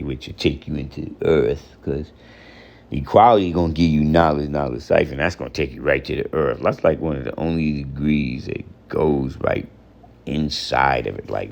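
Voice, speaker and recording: Low gravelly man giving a rambling lesson. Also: brisk, a little mellow. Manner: rambling and repetitive, often checking with the listener; spells out and counts off terms one by one. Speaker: teacher of religious lessons. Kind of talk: informal spoken lesson.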